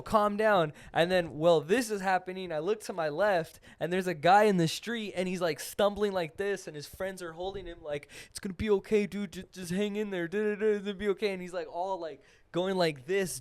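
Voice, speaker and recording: A young man hosting a podcast, telling a story in a casual, animated way full of "like" and acted-out voices. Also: high-pitched. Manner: animated, full of "like", acts out voices in his stories. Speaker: podcast host.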